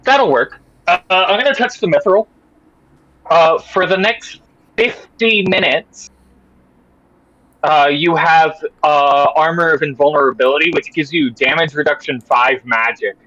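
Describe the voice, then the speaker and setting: A man playing a tabletop game, laying out rules details deliberately. His fairly high, bright voice comes through a dry, dull-sounding mic. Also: dry recording. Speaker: player.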